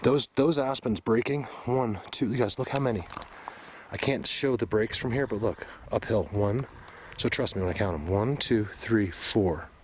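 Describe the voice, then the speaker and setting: A man's voice: on the low side, moderate pace, slight background noise. A man filming himself on a forest hillside, out of breath and insistent as he points things out to viewers. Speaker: vlogger. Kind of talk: outdoor field vlog.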